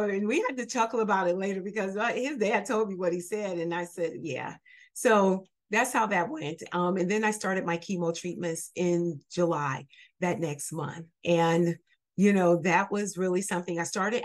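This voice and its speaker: A woman's voice: mid-range voice, normal speed. Earnest woman telling her story. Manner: earnest, candid, with frequent fillers and restarts. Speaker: guest sharing her story. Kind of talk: personal storytelling.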